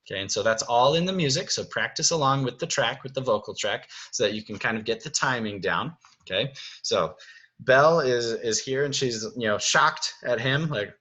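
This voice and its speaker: Bright-voiced chatty drama director. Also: male voice, mid-range voice, expressive, normal speed, muffled recording. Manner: chatty, reassuring, frequent "right?" and "okay?". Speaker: theater director. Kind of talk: casual instructional video.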